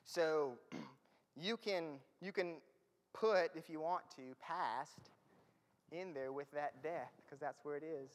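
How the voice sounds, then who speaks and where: A man's voice: on the high side, takes it slowly. A man preaching a conversational sermon, often laughing and losing his place as he reads from slides. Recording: reverberant hall.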